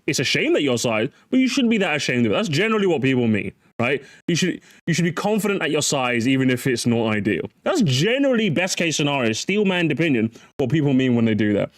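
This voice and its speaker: High-voiced streamer guy, swings all over the place, laughs at everything, dry mic. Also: quick pace, few pauses, dry recording. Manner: animated, mocking, laughs often. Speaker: streamer reacting to clips. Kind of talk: live-stream commentary.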